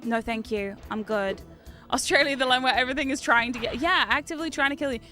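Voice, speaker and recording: A woman's voice: high-pitched, fast talker, sharp tone, faint music behind. A young woman with a New Zealand accent, chatting casually and swearing freely while streaming a game. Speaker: VTuber streamer. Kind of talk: casual gaming stream chat.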